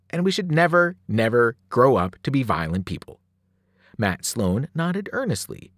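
Man, audiobook reading, expressive storytelling, animated, dry. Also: mid-range voice, dry recording. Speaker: teacher reading aloud.

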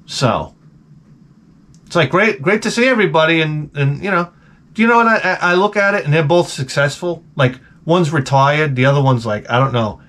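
A man's voice: fairly high pitch, moderate pace, a bit bright. A middle-aged man from Long Island, telling stories in a profane, sarcastic, rambling vlog monologue. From Long Island, New York. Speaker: vlogger.

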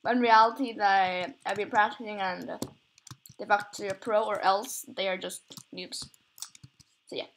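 A woman's voice: medium pitch, steady tone, normal speed, a little hiss or hum. A young woman chatting casually while playing a game, rambling, often giggling and laughing at herself. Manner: giggly, rambling, many self-conscious laughs. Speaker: gamer recording gameplay. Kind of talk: casual gameplay chat.

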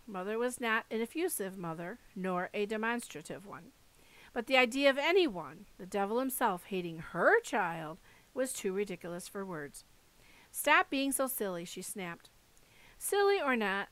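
A woman reads a first-person novel aloud as an audiobook narrator, voicing the dialogue expressively. Her voice is medium-pitched and the audio quality is poor.

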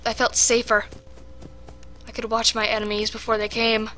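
Bright-voiced woman narrating a horror game. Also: a little high, monotone, moderate pace. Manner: jittery, talks to viewers while playing a horror game. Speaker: gaming commentator. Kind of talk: casual let's-play commentary.

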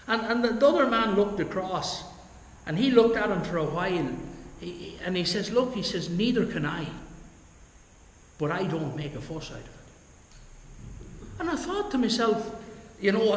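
A pastor leading a Bible study sermon, earnest, dropping low and soft at the end of each point, with homely asides to the congregation. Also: male voice. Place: church hall. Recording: echoey church hall, long reverb.

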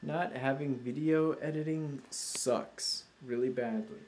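A man hosts his own video show in one take, talking slowly and rambling with self-mocking asides. His voice sits at a middling pitch, and the sound comes from a laptop's built-in mic. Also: fairly even intonation, darkish tone, a little hiss or hum. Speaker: show host. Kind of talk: casual unedited video chat.

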